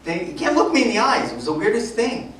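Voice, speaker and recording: Animated woman preaching in an echoey hall. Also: fairly high pitch, fast talker. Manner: animated, conversational, acts out dialogue. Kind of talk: storytelling sermon. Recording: echoey hall from far off, noisy.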